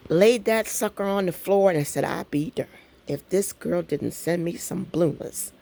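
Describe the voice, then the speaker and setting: A woman's voice: fairly low pitch, moderate pace, gravelly, warm tone, slight background noise. A middle-aged woman, telling a story to her viewers at home with lots of laughter and y'all. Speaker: craft vlogger. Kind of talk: casual chat to camera.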